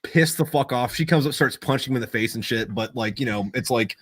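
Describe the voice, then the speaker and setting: A man's voice: medium pitch, brisk, a bit bright, a little hiss or hum. A man who served as a Marine, telling a long story in a casual, profane way, rambling and full of fillers. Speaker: Marine veteran.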